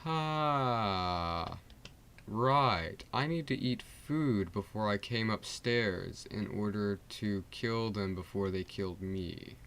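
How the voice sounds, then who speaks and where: A man's voice: fairly low pitch, slow pace. A teenage male streamer rambling casually while playing a game, full of fillers and restarts. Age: teens. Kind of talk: rambling gameplay livestream chat. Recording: loud background noise.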